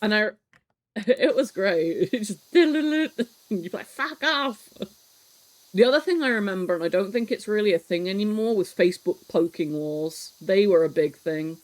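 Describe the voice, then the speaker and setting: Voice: medium pitch, moderate pace, rough recording. A live streamer in their thirties, chatting casually and reminiscing with viewers, swearing freely and laughing often. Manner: reminiscing, animated storytelling. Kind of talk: casual chat while cleaning on stream.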